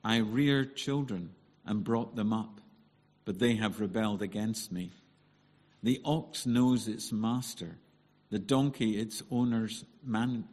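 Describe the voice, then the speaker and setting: Scottish man, lower voice, soothing, measured bible reading, church reading. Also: a little mellow, big-room sound. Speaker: scripture reader.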